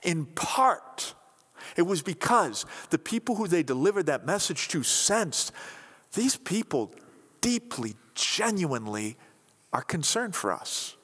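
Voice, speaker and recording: A man preaching a sermon in a conversational, animated way, acting out what people say. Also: fairly high pitch, slow, husky. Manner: animated, conversational, acts out quotes. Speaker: pastor. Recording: reverberant hall.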